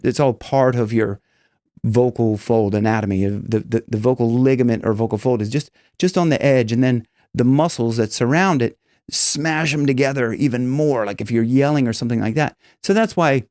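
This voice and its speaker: A man's voice: medium pitch, darkish tone, dry recording, studio quality. A man teaching singing in a casual, rambling way, with many restarts and demonstrations. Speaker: vocal coach.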